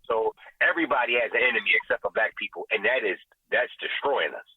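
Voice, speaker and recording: A man's voice: lowish voice, animated, fast talker, husky. A man, a guest who runs a vegan restaurant, speaking in passionate, preachy podcast commentary and often asking "you know what I'm saying?". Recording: tinny phone-like line, dry.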